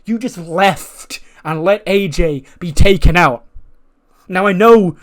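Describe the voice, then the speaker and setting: A man's voice: on the high side, moderate pace, fairly bright tone, close to an everyday voice. A man voicing a proud veteran female wrestler who scolds in emphatic bursts. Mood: indignant.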